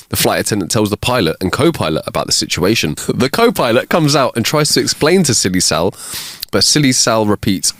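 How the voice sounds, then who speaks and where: A man co-hosting a comedy podcast, reading listener jokes aloud with animated delivery and put-on voices for the characters. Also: on the low side, brisk, dry recording. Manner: animated joke telling with big laughs and put-on voices. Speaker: podcast co-host.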